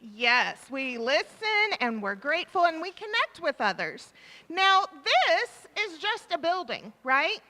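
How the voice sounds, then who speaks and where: Woman, children's-time leader in church: high, sing-song delivery, unhurried, encouraging question-and-answer, miked in a reverberant sanctuary. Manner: animated, encouraging, asks children questions and repeats their answers. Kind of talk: interactive children's talk with questions. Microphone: microphone.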